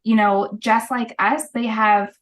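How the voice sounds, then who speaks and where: A woman guest and holistic practitioner telling her story in a casual interview, animated and brisk with frequent laughs. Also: a little high.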